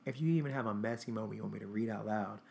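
Young guy spilling tea, kinda low voice, swears a lot, faint hiss behind him. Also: racing, creaky, darkish tone. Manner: chatty, blunt and profane, acting out texts. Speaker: host. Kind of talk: casual storytime monologue.

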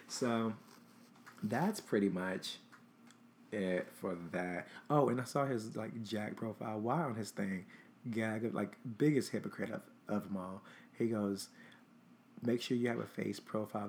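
A man's voice: on the low side, a little hiss or hum. A young man hosting his own show, telling a dating story in a chatty, blunt, profane way and acting out both sides of a text exchange. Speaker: host. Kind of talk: casual storytime monologue.

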